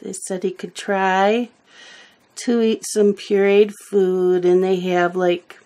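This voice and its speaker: Slow-talking woman chatting while coloring. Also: mid-range voice, little pitch movement, warm tone. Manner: rambling storytelling, loses her words. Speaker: coloring video host. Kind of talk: casual chat while coloring.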